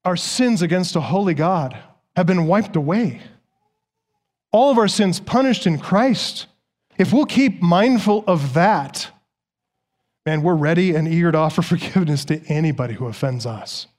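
A man's voice: fairly high pitch, expressive, normal speed, a little mellow. A man preaching a sermon as pastor, emphatic and repeating words for stress.

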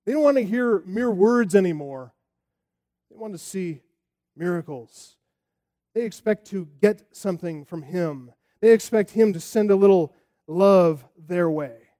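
A man preaching a sermon as pastor, expressive and full of rhetorical questions. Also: sits high, a little slow.

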